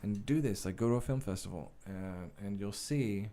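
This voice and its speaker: Low-voiced man telling lively anecdotes. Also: normal speed. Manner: animated, acts out scenes in his stories. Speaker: actor and filmmaker guest. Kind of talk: casual interview storytelling. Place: podcast studio.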